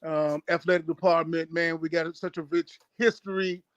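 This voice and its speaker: Joking man from Baltimore, high voice. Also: level tone, moderate pace, a bit bright, dry recording, lo-fi sound. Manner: joking and playful. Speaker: guest.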